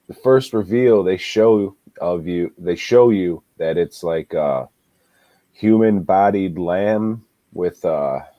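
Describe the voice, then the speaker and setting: Low, slow, laid-back male podcaster. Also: warm tone, no room sound. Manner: laid-back, swears a lot, laughs while retelling. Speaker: podcast co-host, movie reviewer. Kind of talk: casual movie review chat.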